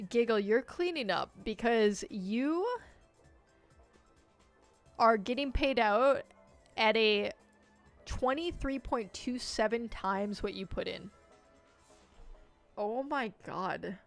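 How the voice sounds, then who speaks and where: A woman streaming a game live, chatting and joking with viewers and shouting out loud when things go wrong. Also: a little high, takes it slowly, long pauses, no room sound, soft background music. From United States. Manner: jokey, reacts loudly with sudden shouts. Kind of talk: live gameplay commentary.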